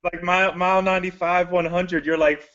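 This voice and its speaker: A man's voice: high-pitched, flat delivery, a little fast, fairly bright tone, highs cut off. A man guest in casual chat, chiming in emphatically with swearing. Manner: emphatic, profane agreement.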